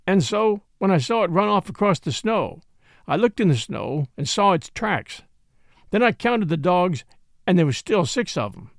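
A man voicing a gloomy, superstitious frontier dog-driver who talks in a slow, grave backwoods drawl. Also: high voice, big pitch swings, no room sound, studio quality. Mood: brooding.

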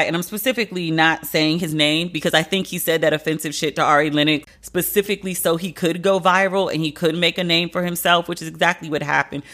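A woman hosting a podcast, giving candid, profane commentary with sharp swings of pitch for emphasis. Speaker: podcast host. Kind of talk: casual commentary monologue.

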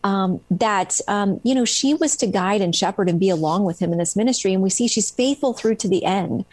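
In a storytelling interview, a middle-aged guest author recounts tales earnestly and animatedly, filling gaps with "um." She speaks fairly quickly in a medium pitch with a darkish tone, and the dry recording carries no room sound.

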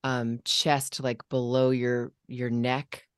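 Low-voiced woman coaching on parenting. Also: level tone, slow pace, clear, resonant tone, no echo, clean studio sound. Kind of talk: casual conversation.

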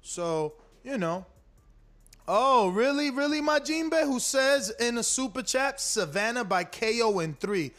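High-voiced profane livestream host. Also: male voice, lively intonation, a little slow, fairly bright tone, soft background music. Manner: loose, profane, rambling and emphatic. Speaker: boxing podcast host. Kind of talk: casual livestream chat.

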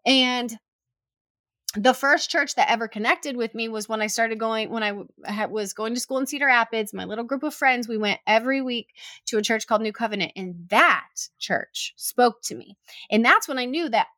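A woman's voice: on the high side, normal speed, sharp tone, no room sound, studio quality. A young adult woman telling a personal story in casual chat, with lots of "like" fillers and acted-out quotes.

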